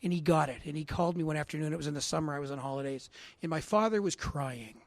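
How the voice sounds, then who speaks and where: A man from Canada speaking at a recovery assembly, telling a heartfelt personal story that drops to hushed tones and rises to loud emphasis. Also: fairly high pitch, quick pace, no room sound. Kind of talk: personal testimony talk. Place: assembly hall.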